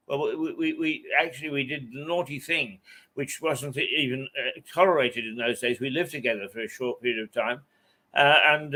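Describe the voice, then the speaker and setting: An older man reminiscing as an interview guest, halting often and chuckling between his memories. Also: a little high, pushed and bright. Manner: halting, with frequent hesitations and chuckles. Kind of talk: reminiscing anecdote in conversation.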